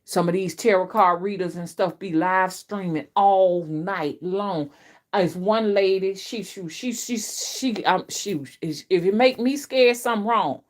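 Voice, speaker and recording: Middle-aged woman, spiritual reader, casual live-stream chat, rambling, repeats herself, swinging loudness. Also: a little slow. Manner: chatty, repetitive, with big swings in pitch and loudness. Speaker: spiritual reader and channel host.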